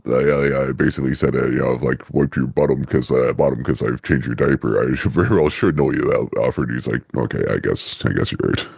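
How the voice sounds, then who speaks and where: A man with a very deep, gravelly, husky voice co-hosts a casual film podcast. He jokes and laughs a lot, recorded close on a dry mic. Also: steady tone, brisk, hardly any pauses, a little mellow, dry recording. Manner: jokey, laughs often. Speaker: podcast co-host. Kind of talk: casual movie discussion.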